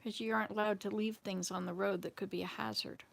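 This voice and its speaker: A woman's voice: medium pitch, fairly even intonation, fast, creaky. A woman hosting a casual vlog chat, telling rambling, anecdotal stories. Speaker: vlog host.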